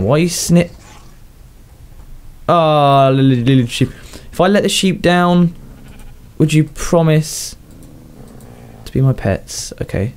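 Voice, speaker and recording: A man's voice: on the high side, a little mellow. A young man, chatting casually as he plays, talking to his pets and laughing often, sounding a bit unwell. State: slightly unwell, coughing. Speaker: gaming YouTuber. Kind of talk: casual game commentary.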